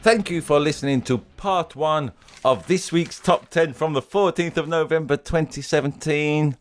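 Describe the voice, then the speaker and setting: A man's voice: fairly high pitch, moderate pace, soft background music. A man co-hosting a pop chart podcast, chatting casually in a wry, teasing way. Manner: wry, teasing, laughs often. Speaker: podcast co-host.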